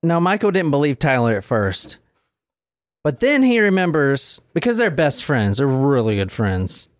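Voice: mid-range voice, sing-song, normal speed, dry recording, studio quality. A podcast host telling a crime story casually and with jokes, acting out the quotes. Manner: joking storyteller who acts out quotes. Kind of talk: casual comedy true-crime chat.

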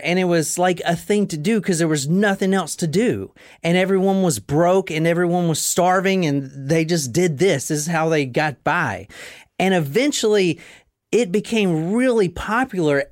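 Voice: mid-range voice, no room sound. Dry, close voice of a casual storytelling host. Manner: storytelling, emphatic, casual with profanity. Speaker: podcast host. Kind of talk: casual explainer talk.

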